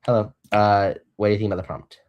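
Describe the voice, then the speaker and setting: A teenage boy hosts a casual online debate, his voice sitting very low. He talks haltingly, restarting phrases and leaning on fillers. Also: little pitch movement, darkish tone. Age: teens. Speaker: debate host. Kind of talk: casual live-stream debate hosting.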